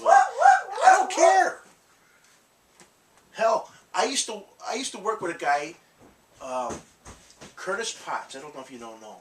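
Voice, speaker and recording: A man's voice: on the high side, a bit bright, distant mic. A man hosting a collectibles channel, telling rambling stories in casual chat, laughing often and swearing. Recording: echoey room, off-mic, faint noise.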